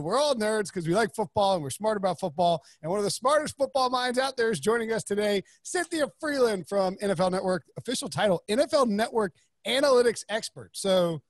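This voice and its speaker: Brief: high-pitched male host, dry close sound, casual and rambly. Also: no room sound. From North Carolina, US. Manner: rambling, joking, many restarts. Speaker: podcast host. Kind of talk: casual podcast chat.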